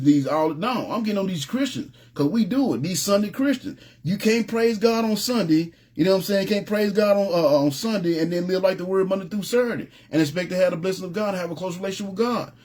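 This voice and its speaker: A man preaching an informal sermon, telling stories in a relaxed, streetwise way and often asking "you know what I'm saying". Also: high-pitched. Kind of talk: conversational sermon with storytelling.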